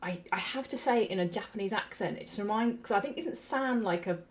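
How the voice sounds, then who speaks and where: A woman's voice: mid-range voice, quick pace. A young adult woman co-hosting a podcast, telling stories in a chatty way with many ums and laughs. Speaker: podcast co-host. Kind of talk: casual chat.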